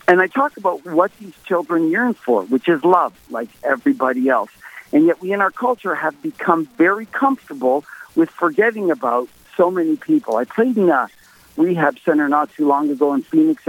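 Emphatic high-voiced man on a phone line. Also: dry recording. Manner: emphatic, repeats for stress. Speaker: guest musician. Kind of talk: phone interview storytelling. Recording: tinny dry phone line.

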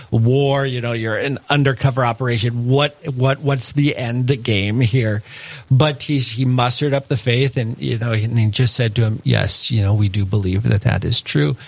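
A man's voice: medium pitch, no room sound. A man, a Catholic priest, speaking earnestly and reflectively in a conversational faith discussion and telling a story with many asides. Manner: earnest, reflective, tells stories with many "you know" asides.

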